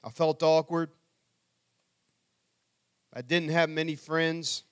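A man's voice: a little high, level tone, takes it slowly, clear, resonant tone. A middle-aged man telling his life story to an audience as a speaker, earnestly acting out what people said. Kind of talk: personal testimony talk.

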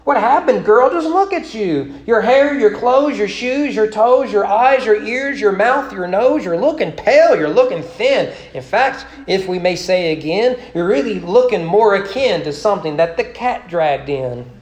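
A woman's voice: medium pitch, animated, unhurried, hardly any pauses, a little mellow, pitched above the performer's own voice, close to an everyday voice. A man reading a rhyming poem aloud and voicing gossiping townswomen who tease a returning friend. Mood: gossipy. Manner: exaggerated rhyming recitation. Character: gossiping townswomen, shocked and teasing. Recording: roomy church sanctuary.

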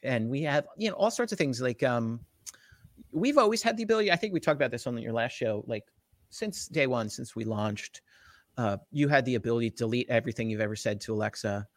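Animated New Jersey man explaining tech. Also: medium pitch, a little fast, dry recording. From Jersey Shore, USA. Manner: animated, lots of "right?" tag questions. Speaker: tech company guest. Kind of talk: casual explanatory interview talk.

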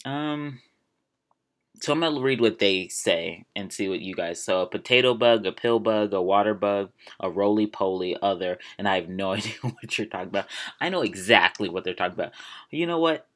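Young man, very deep voice, rambling casual chat, jokey asides. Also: expressive, normal speed, a bit bright. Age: 20s. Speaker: podcast host.

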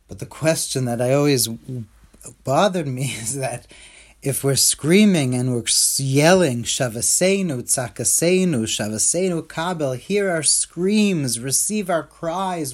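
Earnest man giving a pleading devotional talk. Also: on the high side. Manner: earnest and pleading, stretching out prayer words; often drops to a hushed, soft voice. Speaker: Jewish religious teacher.

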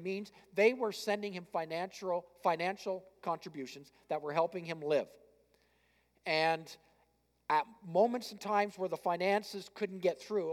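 A man preaching a sermon in a church, conversational and self-deprecating, putting questions straight to the congregation. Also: sits high. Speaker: pastor. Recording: reverberant church hall.

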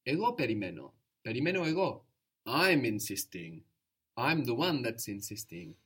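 A man teaching a spoken language lesson, patient and encouraging, explaining slowly and repeating words. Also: medium pitch, very animated, fairly bright tone, breathy edge.

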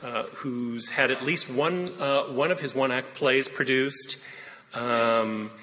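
Halting man hosting a reading. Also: medium pitch, pushed and bright. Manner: halting, many ums and uhs. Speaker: host introducing a reading. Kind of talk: casual spoken introduction. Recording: reverberant hall.

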